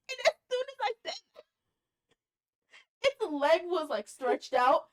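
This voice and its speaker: A woman podcast co-host telling a story in casual chat, animated, laughing often and swearing casually. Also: very high-pitched, takes it slowly.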